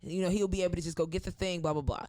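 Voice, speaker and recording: A woman guest on a podcast, telling a story with excitement and plenty of swearing, acting out the people in it with big jumps in her voice. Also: very fast. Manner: excitable, profane, acts out quotes with big pitch jumps. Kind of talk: animated storytelling in casual chat.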